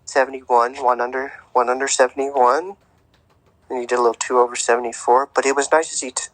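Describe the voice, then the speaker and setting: A man's voice: mid-range voice, dry recording, rough recording. A young man co-hosting a podcast, chatting casually about sports with a rambling, filler-heavy way of talking. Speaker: podcast co-host.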